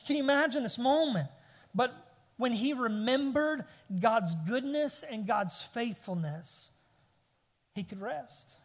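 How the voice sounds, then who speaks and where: This pastor, a man in his thirties, has a very high, expressive voice and speaks at a slow pace. Preaching a sermon recorded with long hall reverb, he tells a family story with rising bursts of emphasis.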